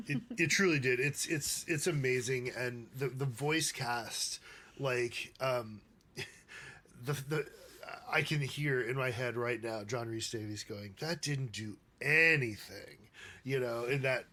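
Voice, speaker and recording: Bright-voiced eager man guest. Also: mid-range voice, fairly even intonation, a little slow, a little hiss or hum. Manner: eager, stumbles over restarts. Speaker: podcast guest, author. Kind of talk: casual chat.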